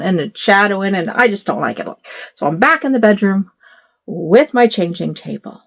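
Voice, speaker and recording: A middle-aged woman chatting casually to her phone camera in a bedroom at home, rambling with lots of fillers and asides. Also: lowish voice. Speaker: doll collector vlogger.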